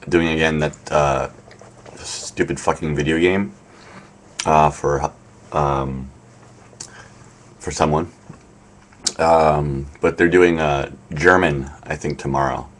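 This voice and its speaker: A man hosting a casual live stream from his room, rambling with lots of fillers and a wry tone. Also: extremely low pitch. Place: apartment in Tokyo.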